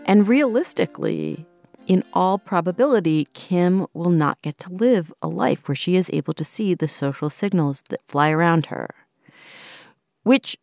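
Woman narrating a documentary, low voice with some fry, dry sound. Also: a little mellow, no echo. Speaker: host and narrator.

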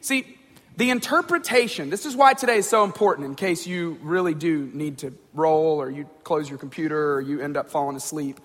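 A man with a high voice gives a casual talk to a group, stumbling over words and often checking in with his listeners. His voice carries a long hall reverb. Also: a little fast, fairly bright tone. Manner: conversational, repeats words, checks in with "right?" and "okay?". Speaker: speaker addressing a group. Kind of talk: informal talk on communication.

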